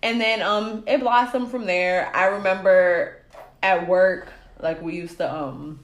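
A woman's voice: on the low side, fairly even intonation, measured pace, reverberant. A woman in her thirties chatting casually about her relationship, laughing often and acting out what people said. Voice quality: laughing, emotional storytelling, acts out quotes. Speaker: podcast guest telling her love story. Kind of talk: casual chat.

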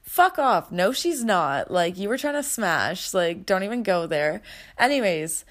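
A woman's voice: mid-range voice, very animated, unhurried. Chatty young woman telling a story. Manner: chatty, lots of "like" and swearing, dramatic retelling. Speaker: podcast host. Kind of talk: casual storytelling chat.

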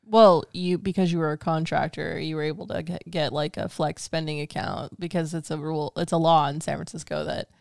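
Woman, podcast co-host, chatty storyteller, lowish voice with fry, dry close mic. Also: brisk, few pauses, a little mellow, no echo. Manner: chatty, storytelling, emotional, laughs easily. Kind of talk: casual podcast chat.

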